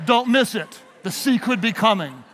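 A man's voice: high voice, animated, moderate pace, fairly bright tone, a little hiss or hum. A man, a pastor, giving a leadership talk to a live audience, playful and emphatic, leading them in call-and-response. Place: large hall with an audience. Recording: long hall reverb.

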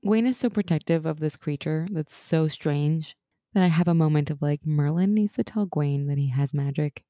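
A young woman co-hosting a casual TV recap chat, animated and laughing as she acts out lines from the show. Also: sits low, moderate pace, dry recording, clean studio sound. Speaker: podcast co-host.

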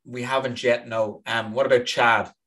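A man's voice: medium pitch, flat delivery, normal speed, a bit bright, breathy edge. A young man co-hosting a podcast, laid-back and agreeable, with dry humor. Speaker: podcast co-host. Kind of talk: casual chat.

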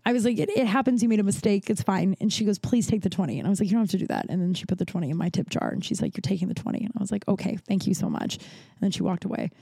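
Young woman podcast host, casual storyteller, mellow timbre, dry close mic. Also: mid-range voice, very fast, gravelly, breathy edge, dry recording. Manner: rambling, restarts, acts out quoted dialogue.

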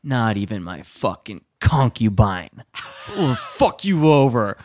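A man's voice: lowish voice, sing-song, slow pace, darkish tone, slight background noise. A man voicing a furious, foul-mouthed homeless man on a subway, drawing out his threats. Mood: ranting. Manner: threatening, swearing, drawn out.

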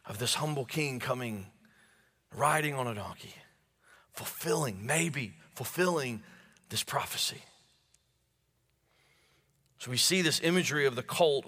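Male preacher, high bright voice, stammering repeats, sinks to hushed tones, long church reverb. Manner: stammering restarts, repeats words while building emphasis; drops to low hushed tones for key phrases. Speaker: pastor. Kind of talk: sermon.

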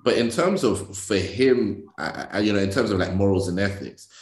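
A man in a sports debate, measured and reasoning, with hesitant restarts. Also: lowish voice, echoey room.

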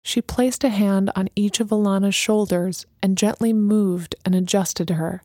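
This is a woman of medium pitch narrating an audiobook, her reading steady and measured. The sound is clean studio audio without any echo.

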